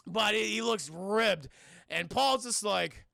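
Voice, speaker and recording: A high, lively man tells a film's story with swearing and sudden voices for each character. His tone is bright and gravelly, and the sound is dry and close. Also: no room sound. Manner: profane and animated, acting out characters in quick voices. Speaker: film reviewer streaming to chat. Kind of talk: casual spoiler recap.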